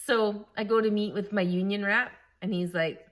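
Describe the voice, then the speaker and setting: A woman talks straight into her camera, recounting events in a casual vlog. Her voice sits at a middling pitch, and she keeps things lively, laughing often and slipping into other people's words as she tells the story. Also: normal speed. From Canada. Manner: animated, laughing, quoting others. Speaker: vlogger, former school staff member.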